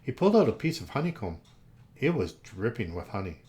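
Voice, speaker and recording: A man reading a children's story aloud in an expressive, animated way. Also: on the low side, a little fast.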